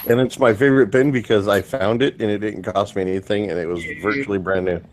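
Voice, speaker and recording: A man chatting in a relaxed way and teasing his friends. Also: lowish voice, quick pace. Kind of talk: casual chat. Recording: noisy room.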